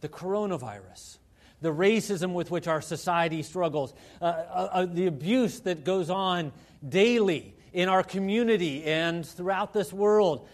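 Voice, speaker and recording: High-voiced man preaching a conversational sermon. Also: unhurried. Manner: conversational preaching with frequent asides. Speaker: pastor.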